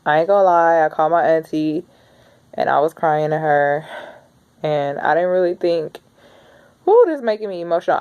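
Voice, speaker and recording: A woman's voice: lowish voice, darkish tone. A woman in her thirties talking in a casual, rambling video diary, chatty and heartfelt. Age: 30s. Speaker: vlogger.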